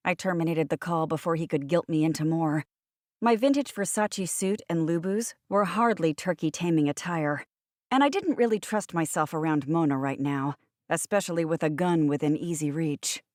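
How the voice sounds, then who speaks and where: A woman giving a wry, brisk first-person audiobook narration. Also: sits low, darkish tone, no echo, studio quality.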